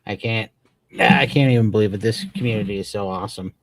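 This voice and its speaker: A man's voice: on the low side, quick pace, no echo. A man co-hosting a casual livestream chat, talking with eager, grateful enthusiasm and rambling restarts. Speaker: podcast co-host.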